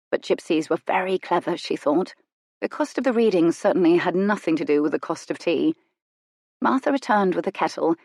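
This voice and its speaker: A woman narrates a historical romance audiobook in a measured, even storytelling manner. Her voice is lowish, and the scripted narration is a dry, studio-quality recording.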